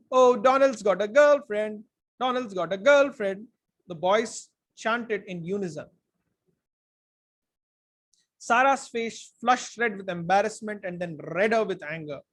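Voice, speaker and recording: Guy reading a book out loud, pretty high voice, expressive. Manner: expressive, talks to listeners. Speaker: book reader. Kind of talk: audiobook-style story reading.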